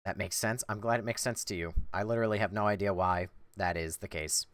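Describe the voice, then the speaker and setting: Low-voiced sarcastic male streamer. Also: steady tone, fairly quick, fairly bright tone, no echo. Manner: sarcastic, swears casually. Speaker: game streamer. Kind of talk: casual gameplay commentary. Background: game music.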